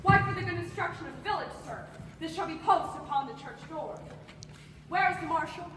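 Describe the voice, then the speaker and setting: A woman's voice: very high voice, background noise. Girl playing a stern pious magistrate. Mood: pressing. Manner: insistent, drawn-out questioning. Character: stern pious magistrate man, pressing for confession. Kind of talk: high school stage play. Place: school auditorium stage. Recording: echoey hall from far off, phone.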